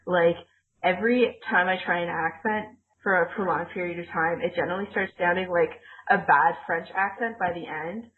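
A woman's voice: lowish voice, normal speed. A woman co-hosting a podcast in casual chat, talking in a rambling way with lots of fillers. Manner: chatty, rambling with many "like" fillers. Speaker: podcast co-host. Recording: tinny call line.

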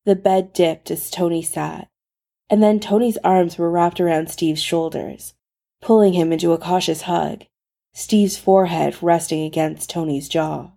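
Slow, gravelly woman story narrator. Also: lowish voice, steady tone, warm tone. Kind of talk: reading fan fiction aloud.

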